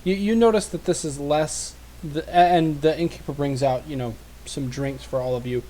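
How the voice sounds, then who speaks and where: A man narrating a tabletop game as game master, in a relaxed, loose way with fillers. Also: a little high, normal speed, low-quality recording. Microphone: desk mic on a live stream.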